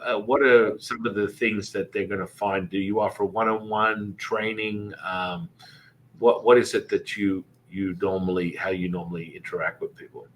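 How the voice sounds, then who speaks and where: A man's voice: lowish voice, a little hiss or hum. A man hosting a podcast, talking in a rambling, casual way about spirituality, with many fillers and repeated words. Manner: does animated voices when telling stories. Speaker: podcast host. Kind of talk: casual spiritual interview chat.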